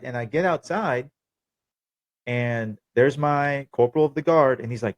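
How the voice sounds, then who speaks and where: A man's voice: mid-range voice, unhurried, dry recording. A young man telling his own story on a podcast, candid, profane and wry. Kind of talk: casual personal storytelling.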